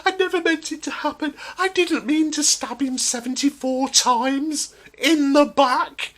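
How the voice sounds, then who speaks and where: A woman's voice: sits high, a little slow, fairly bright tone, voice pushed up. A man doing a wailing weepy woman before a judge. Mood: mock-tearful. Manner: sobbing, theatrical whine. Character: weepy female defendant pleading with a judge.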